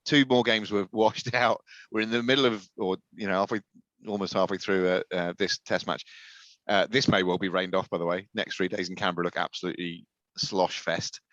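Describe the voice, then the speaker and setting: Man, low voice, sardonic podcast co-host, dull close recording. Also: steady tone, fairly quick, a bit bright, no room sound. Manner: dry, sardonic, laughs while reading tweets. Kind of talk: casual chat. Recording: dull, muffled dry sound.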